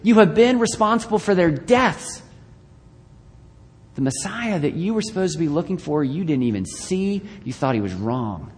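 A male pastor giving a conversational sermon with joking asides, swinging between loud bursts and quiet, hushed lines. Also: a little high, sing-song, normal speed. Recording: long reverb of a large hall.

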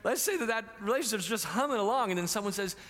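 Animated preacher man in a reverberant hall. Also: high-pitched, fast. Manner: animated, conversational, asks the audience questions. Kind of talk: conversational sermon.

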